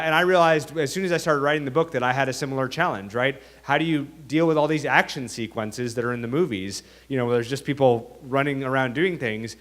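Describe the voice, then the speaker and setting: Brief: male author at a school event, casual and halting, middle pitch. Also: a bit bright. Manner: chatty, many fillers and restarts. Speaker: author speaking to students. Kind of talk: reading aloud then explaining to an audience. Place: school auditorium.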